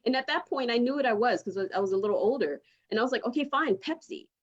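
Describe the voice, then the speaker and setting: A woman's voice: on the high side, lively intonation, fast talker. A woman doing a stand-up set over a video call, rambling and laughing through her own jokes. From outside the United States. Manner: rambling, self-mocking, laughs through lines. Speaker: stand-up comic. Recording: dull lo-fi video call audio.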